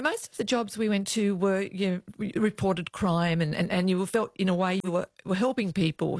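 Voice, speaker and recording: Australian woman telling lively police stories. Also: mid-range voice, creaky, dry recording. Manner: animated anecdotes, acts out quoted voices. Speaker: guest, former police officer. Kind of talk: interview storytelling.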